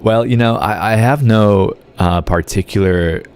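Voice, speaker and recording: Low-voiced Australian man rambling casually. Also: measured pace, a little mellow, smooth. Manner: rambling, answers chat with filler words. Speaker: game streamer. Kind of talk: casual live-stream chat.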